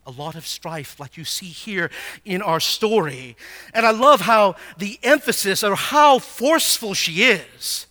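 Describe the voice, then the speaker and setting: Man, Bible teacher, sermon, high pitch, bright tone, animated, rhetorical questions. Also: a little slow.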